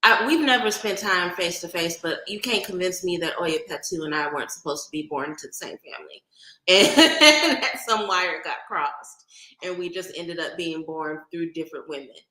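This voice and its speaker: A woman's voice: fairly low pitch, moderate pace, echoey room, rough recording. Chatty Oakland woman streaming live. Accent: Oakland / Bay Area. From Oakland, California. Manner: chatty and warm, greets viewers by name, laughs often. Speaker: livestream host. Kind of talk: casual livestream chat.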